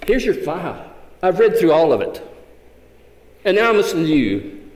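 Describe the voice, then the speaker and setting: A man voicing an astonished older male judge, speaking in an urgent, halting way. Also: very animated. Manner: raised pitch, urgent and halting. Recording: echoey hall.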